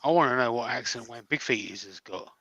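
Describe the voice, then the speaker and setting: A man's voice: medium pitch, fast talker, fairly bright tone, husky, dry recording, lo-fi sound. A man co-hosting a casual live stream, teasing his friend and reading out viewer comments. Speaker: co-host reading chat.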